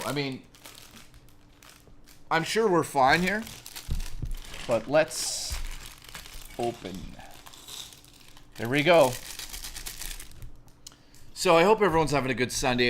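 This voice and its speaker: A man's voice: on the high side, fairly bright tone, a little hiss or hum. A man hosting a casual livestream, chatting and joking with frequent swearing while he builds a model, talking into a desk microphone. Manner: joking, profane and rambling. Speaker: livestream host.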